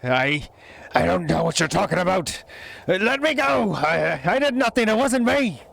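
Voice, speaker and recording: A man's voice: high voice, sing-song, moderate pace, gravelly, a bit bright, voice pushed up, heavily acted. A man voicing a small, panicky male goblin who squirms and whines out frantic denials. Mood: panicked pleading.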